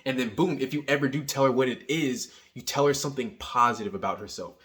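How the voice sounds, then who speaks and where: A young man giving casual dating advice, energetic and teasing, tagging his points with "right?". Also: medium pitch, fast. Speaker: dating coach. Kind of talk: casual coaching monologue.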